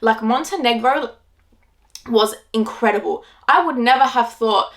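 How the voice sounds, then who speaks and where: A woman's voice: on the high side, unhurried. A woman in her twenties with an Australian accent, casually retelling her trip to camera in a chatty way, full of "like"s. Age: 20s. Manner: chatty, filler-heavy retelling with many "like"s. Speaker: travel vlogger.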